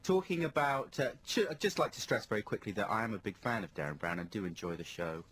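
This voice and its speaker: A man co-hosting a radio show in a studio, telling stories in casual, animated banter. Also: on the low side, quick pace, a little hiss or hum. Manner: animated storytelling with lively shifts in tone. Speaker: radio co-host. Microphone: studio microphone.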